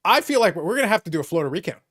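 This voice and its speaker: A man's voice: sits high, sing-song, racing, a bit bright. A man hosting a casual live-stream chat, talking with emphatic, mock-outraged insistence. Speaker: podcast host.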